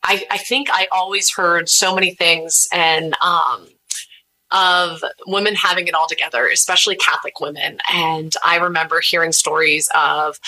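Candid thirtysomething woman, bright voice, rambling stories, does little voices for the people she quotes. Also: on the low side, fairly even intonation, normal speed, low-quality recording. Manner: unfiltered, chatty, acts out quoted voices. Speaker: guest, podcast host. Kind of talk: candid conversational storytelling.

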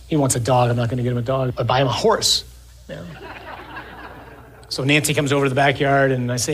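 A man giving a sermon, reading scripture slowly and then talking in a casual, joking way. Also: medium pitch, creaky, breathy edge. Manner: reads scripture slowly, then jokes conversationally.

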